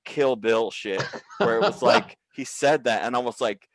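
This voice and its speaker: A male comedian telling work stories over a video call, animated and swearing freely, acting out quoted people in raised voices. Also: medium pitch, normal speed, dry recording. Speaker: comedian guest.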